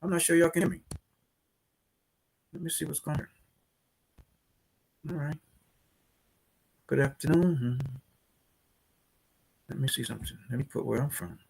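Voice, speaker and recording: A man's voice: on the high side, measured pace, gravelly, pauses often, darkish tone, breathy edge. Chatty New Orleans man hosting a livestream. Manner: chatty, addresses viewers in the chat directly. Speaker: host of a business credit livestream. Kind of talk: casual livestream presentation.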